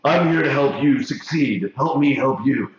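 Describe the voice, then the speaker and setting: In a hair salon classroom, a man hosting a live haircutting show chats casually and cracks jokes while cutting, using many fillers. He sounds expressive, with medium pitch and moderate pace. The room echoes heavily and the sound is dull.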